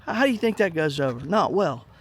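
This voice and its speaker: Blunt high-voiced middle-aged man ranting. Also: very animated, quick pace, husky. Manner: blunt, profane, heated storytelling. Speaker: vlog host.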